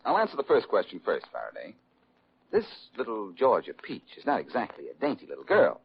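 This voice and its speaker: Heavily acted and slightly rough, this fairly low voice swoops wildly in pitch with vocal fry as a man plays the breezy, quip-ready detective lead of a 1940s radio drama. It comes through an old, dull lo-fi radio recording with faint hiss.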